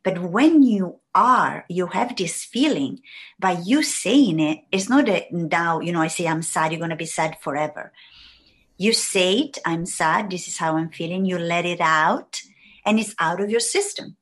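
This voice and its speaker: A woman's voice: fairly low pitch, expressive, measured pace, husky. A woman talking casually and reflectively about emotions and words, rambling with many fillers. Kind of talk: casual conversation.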